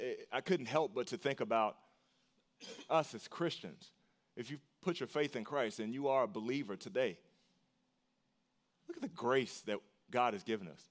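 A man preaching a sermon as pastor, earnest and emphatic, repeating short phrases for weight and jumping up in pitch on key lines.

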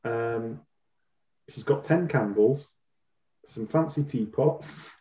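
A man's voice: medium pitch, takes it slowly, warm tone, echoey room. A man co-hosting a podcast, recapping a show in casual chat with a dry, wry manner and frequent laughs. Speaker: podcast co-host.

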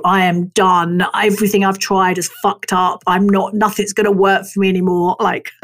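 A woman in her forties or older hosting a podcast, talking frankly in a sweary monologue with frequent laughs, acting out her past thoughts. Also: on the high side. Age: 40s or older. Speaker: podcast host. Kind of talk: candid solo podcast monologue.

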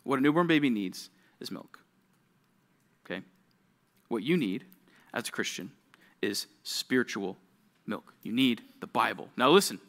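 A man's voice: sits high, pushed and bright. A young man, a youth pastor, giving a casual, conversational sermon to teenagers, full of rhetorical questions.

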